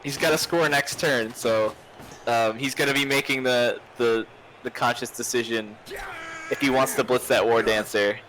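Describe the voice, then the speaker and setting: A man's voice: medium pitch, fairly even intonation, normal speed, fairly bright tone, slight background noise, rough recording. A man giving casual play-by-play commentary on a tabletop game stream, laid-back and cautious, often chuckling.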